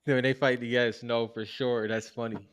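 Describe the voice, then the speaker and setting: A young man co-hosting a relaxed chat about trading cards, laid-back and slangy. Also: mid-range voice, normal speed, no room sound. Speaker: co-host of a card collecting show. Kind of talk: casual chat.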